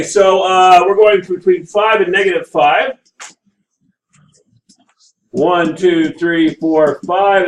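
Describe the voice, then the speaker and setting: Heard on a low-quality recording, a man whose voice is on the high side teaches a math class. He goes through graphs aloud with animation, regularly asking his students to check along with him during the lecture.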